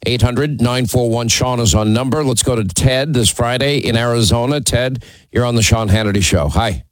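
A man's voice: medium pitch, moderate pace, no echo, low-quality recording. A man hosting a call-in radio talk show, talking in an emphatic, opinionated and teasing way from the studio.

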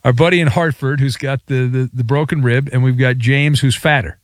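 A man's voice: mid-range voice, fairly even intonation, fairly quick, no room sound, clean studio sound. A male radio host bantering playfully with callers on a joking sports talk show.

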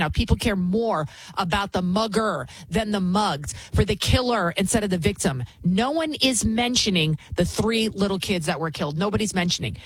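A woman host delivers a heated, emphatic rant with plenty of repetition. Her voice is husky and dry, with no room sound. She talks like a commentator stopping to cue up clips. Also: medium pitch, no echo, poor audio. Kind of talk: opinionated commentary.

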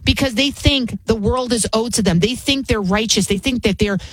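A woman's voice: on the high side, normal speed, no echo. A woman, hosting an opinionated commentary show in an indignant, repetitive rant.

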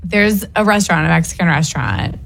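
A woman's voice: on the low side, animated, a little fast. A woman co-hosting a morning radio show, teasing her partner insistently and laughing often. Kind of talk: casual on-air banter.

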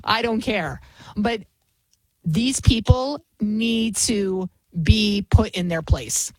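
A woman's voice: mid-range voice, slow, no echo, low-quality recording. A woman in her forties hosting a radio talk show, telling a story in a combative, ranting manner. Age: 40s. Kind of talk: opinionated radio monologue.

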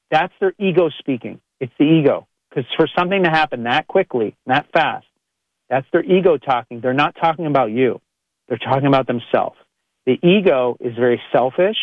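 A male chiropractor speaks in a frank, earnest motivational monologue, peppering his talk with casual "like" fillers. His voice sits at an ordinary middle pitch. The audio is dry with no room sound and slightly muffled. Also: no echo. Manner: earnest, direct, with frequent "like" fillers.

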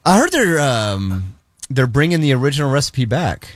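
A man co-hosting a radio show in casual chat, relaxed and rambling with many fillers. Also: medium pitch, normal speed, no room sound. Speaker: radio co-host.

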